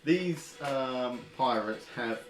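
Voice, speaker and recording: A man with a British accent runs a tabletop game. He talks in a mid-range voice, with halting fillers and frequent laughter. The room echoes around him. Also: medium pitch, lively intonation. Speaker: game master. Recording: roomy echo.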